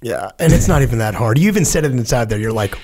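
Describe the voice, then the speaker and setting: Fast-talking man in casual chat. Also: medium pitch, expressive, darkish tone. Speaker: podcast co-host.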